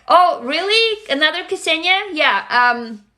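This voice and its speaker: A Russian woman, a native Russian speaker, hosts a casual livestream in a very high, bright, forceful voice, speaking slowly and expressively. She talks frankly and warmly to viewers, greets commenters, and swears now and then.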